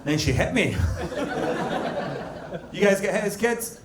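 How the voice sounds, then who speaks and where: A Scottish man performing a crude stand-up comedy set, telling stories deadpan and hitting punchlines loudly. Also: sits high, measured pace, over a noisy crowd. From Scotland. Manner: crude, deadpan storytelling with sudden loud punchlines. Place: comedy club stage. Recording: roomy club sound with audience laughter. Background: audience laughter.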